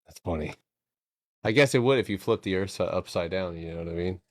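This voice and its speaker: A man with a deep, low voice talks through stock charts on a live stream, cursing casually and cracking jokes between setups. The sound is dry and close, as if from a desk mic with no room around it. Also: a little fast, dry recording. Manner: profane, joking, thinking aloud.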